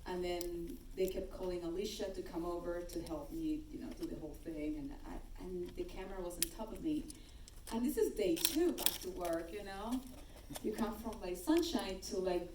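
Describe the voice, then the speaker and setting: A woman tells a story in a lively, animated way on a panel stage. Her voice sits at an average pitch and comes from far off in a roomy hall. Steady background noise runs underneath. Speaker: actress on a panel. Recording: echoey hall, distant mic, background noise.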